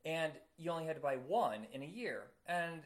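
A man chatting casually as a podcast co-host, rambling with many fillers and quick to laugh. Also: fairly high pitch, lively intonation. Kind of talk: casual chat.

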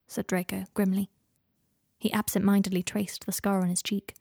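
A woman narrates a story as an audiobook in an even, measured manner. Her voice sits at a middle pitch, and the recording is dry and close. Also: vocal fry, no echo. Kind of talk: audiobook reading of fan fiction.

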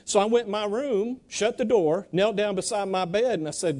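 A man preaching a sermon, animated and urging the congregation to answer back, reading Bible verses slowly. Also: high voice. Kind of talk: sermon with congregation call-and-response.

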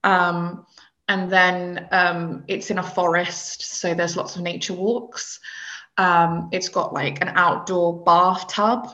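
Young British woman, podcast co-host, casual and halting, low-ish voice. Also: level tone, fairly bright tone. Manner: chatty, hesitant with many ums. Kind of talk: casual chat. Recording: dull lo-fi sound.

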